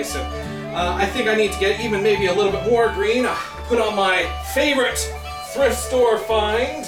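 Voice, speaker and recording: A man hosting a casual cooking show, upbeat and chatty with a self-mocking humor. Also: high-pitched. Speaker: host. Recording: roomy echo, distant mic, music behind.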